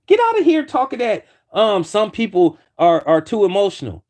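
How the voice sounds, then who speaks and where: A man with a high-sitting, somewhat dark voice delivers a heated opinion commentary at normal speed, his pitch swinging hugely. He argues his point by repeating himself and restarting lines again and again.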